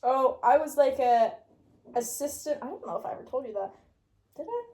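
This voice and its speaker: A woman's voice: high voice, expressive, fairly quick, dark tone, echoey room. A young woman from England with a British accent, telling stories in a casual chat as host. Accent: British English. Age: young adult. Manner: chatty storytelling, laughs often. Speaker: podcast host.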